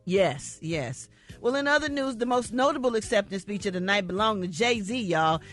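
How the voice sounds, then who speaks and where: A woman reading entertainment news on a morning radio show in an animated, chatty, outspoken way. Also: mid-range voice, normal speed, faint music behind. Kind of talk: casual radio chat.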